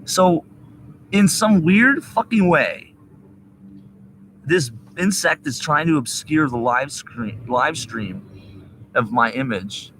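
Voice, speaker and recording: A man's voice: on the high side, lively intonation, slow, pauses often, a bit bright, a little hiss or hum, low-quality recording. Agitated man ranting into a laptop webcam. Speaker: livestreamer. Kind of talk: rambling livestream monologue. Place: indoors at a laptop. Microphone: laptop webcam mic.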